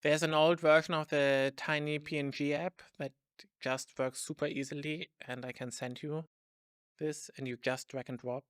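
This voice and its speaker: A man's voice: fairly high pitch, level tone, moderate pace, fairly bright tone, clean tone, no echo, studio quality. A man co-hosting a casual tech podcast, chatty and filler-heavy, leaning on "like" as he talks. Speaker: podcast co-host. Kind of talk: casual chat.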